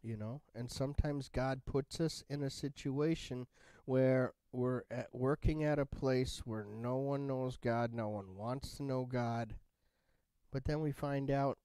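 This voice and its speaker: A male Bible study teacher talks in a relaxed, conversational way and keeps asking "right?". His voice sits at an average pitch, and the recording is dry and close. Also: slow, clean tone, no echo.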